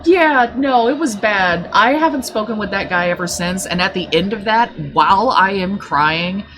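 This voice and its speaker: A woman streamer chatting at her desk mic, swearing freely and talking in a blunt, animated way. Her pitch sits in the middle of the range, with a faint hiss of noise underneath. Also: moderate pace. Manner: blunt, profane, animated storytelling. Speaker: livestreamer. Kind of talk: casual storytelling chat on a live stream.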